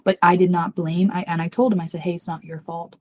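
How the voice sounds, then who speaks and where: As a guest on a podcast, a psychic medium tells a personal story at a quick pace, earnest and confiding and naming herself as she speaks. Her voice sits slightly low. She's animated, and it climbs high whenever she performs someone else's lines.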